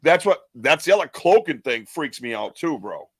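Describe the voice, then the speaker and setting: A man hosting a casual chat podcast, animated and laughing often as he acts out other people's lines. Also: fairly high pitch, moderate pace, slightly rough, no echo, studio quality. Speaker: podcast host.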